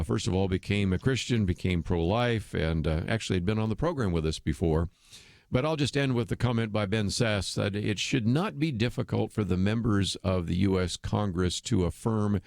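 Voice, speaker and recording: A man with a low voice hosts a talk radio show, talking straight to listeners in an earnest, persuasive way. He often pauses on fillers and restarts his sentences. The sound is close and dry, with no room around it. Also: darkish tone, no echo. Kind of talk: radio commentary monologue.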